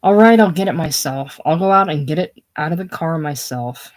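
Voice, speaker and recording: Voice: medium pitch, moderate pace, lightly acted. A reader doing a huffy young bride.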